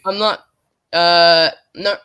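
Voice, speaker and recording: A woman's voice: on the low side, steady tone, slow pace, sharp tone, clean tone. An Australian woman co-hosting a casual stream chat, laughing often, swearing and acting out quotes. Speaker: stream co-host.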